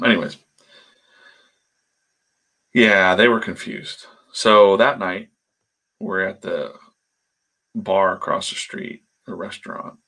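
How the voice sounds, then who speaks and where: Casting: man, low gravelly husky voice, rambling anecdotal storyteller on a live stream. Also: bright, forceful tone. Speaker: comic artist streaming live. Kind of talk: casual storytelling while drawing.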